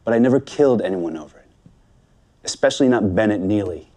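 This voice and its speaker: An actor playing a defensive former contractor turned loan shark who speaks in a matter-of-fact way. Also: male voice, on the low side, lively intonation, quick pace, mellow, lightly acted.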